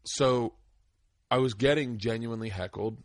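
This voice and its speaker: A man's voice: mid-range voice, moderate pace, dry recording, clean studio sound. A middle-aged man hosting a casual podcast chat, telling rambling, profane stories and acting out the people in them. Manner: rambling, profane storyteller, acts out quoted voices. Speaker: podcast host.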